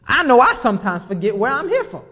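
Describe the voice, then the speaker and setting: A man's voice: extremely high pitch, wildly swooping pitch, fast talker, bright, forceful tone, big-room sound. A male pastor delivering an emphatic sermon, repeating phrases and asking the congregation rising questions.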